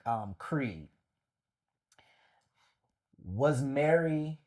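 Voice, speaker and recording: A man's voice: mid-range voice, expressive, extremely slow, a little mellow. A man hosting a podcast, chatting casually with hesitant, laid-back phrasing. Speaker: podcast host. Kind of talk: casual chat.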